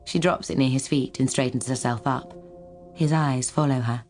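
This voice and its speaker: Very low-voiced woman narrating. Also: steady tone, normal speed. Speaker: audiobook narrator. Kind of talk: scripted narration. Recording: music soundtrack behind voice.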